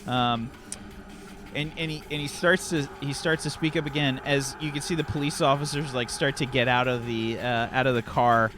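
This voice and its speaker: A man's voice: mid-range voice, fairly even intonation, moderate pace, noisy background. A man narrating as game master of a tabletop game, talking casually with many fillers.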